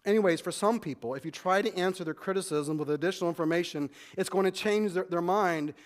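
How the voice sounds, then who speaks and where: A man pastor preaching a sermon in a conversational way, often restarting and repeating words. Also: sits high. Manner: conversational preaching, acts out quick back-and-forth dialogue.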